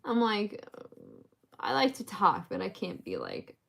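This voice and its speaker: A woman's voice: mid-range voice, huge pitch swings, measured pace, creaky, a bit bright. A woman on a casual crochet live stream, counting stitches aloud and laughing between lines as she chats to viewers.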